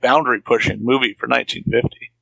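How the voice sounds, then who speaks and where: Man, podcast co-host, bright forceful voice, dry close sound, casual film commentary. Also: mid-range voice, steady tone, fast talker, vocal fry, no room sound, rough recording. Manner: adds context and commentary on the film's era. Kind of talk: casual film-discussion chat.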